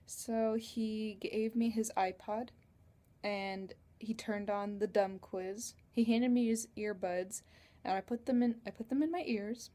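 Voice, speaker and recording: A chatty teenage girl rambles through a story for her vlog and giggles as she goes. Her voice is mellow and warm, and it is recorded through a computer webcam. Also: mid-range voice. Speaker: vlogger.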